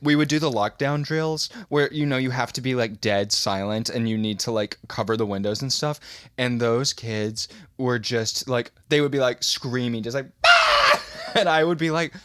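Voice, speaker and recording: A young adult man co-hosting a podcast, telling comedic stories in a casual, animated way and acting out the people he quotes. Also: normal speed, clear, resonant tone, dry recording, studio quality. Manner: animated storyteller, acts out quotes with big pitch jumps. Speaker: podcast co-host.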